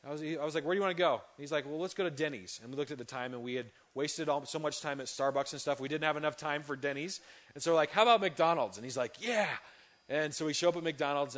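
A man's voice: medium pitch, fairly bright tone. A young man, a youth pastor, telling a story in an earnest, conversational sermon with many fillers and restarts. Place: church hall.

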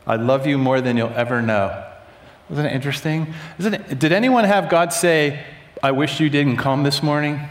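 A man's voice: on the high side, moderate pace. A man leading an interactive church teaching session, questioning the audience, repeating their answers and leading prayer. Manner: conversational, asks the room questions, repeats answers back. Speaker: church workshop leader. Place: large hall with audience and box seats. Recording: echoey hall.

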